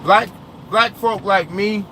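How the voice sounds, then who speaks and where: A young male trucker livestreams from his truck cab, reacting to viewer comments in loose, rambling talk. His voice sits a little high and comes out forceful and bright, with a faint hum of background noise around him. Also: slow. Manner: rambling and opinionated, loses his train of thought. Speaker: trucker vlogger. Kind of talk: casual livestream chat, answering viewer comments.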